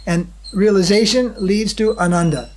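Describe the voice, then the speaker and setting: Male spiritual teacher, high-pitched, halting devotional lecture delivery with audience check-ins. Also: a little mellow. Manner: checks in with the audience with a questioning hum; unhurried, halting, with many fillers and restarts.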